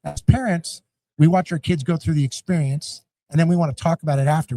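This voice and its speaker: In a dry recording, the middle-aged guest sounds a little high and speaks fairly quickly. As the founder of a youth sports league, he tells stories in this conversational interview, performing the voices of coaches and hollering parents and scatting rhythms.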